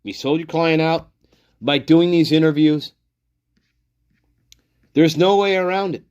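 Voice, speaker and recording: Here a man with a fairly high but darkish voice, clear and resonant, rants through true-crime commentary, swearing and sneering as he calls people names. His insults come slow and drawn out. There's no echo, though the audio sounds dull.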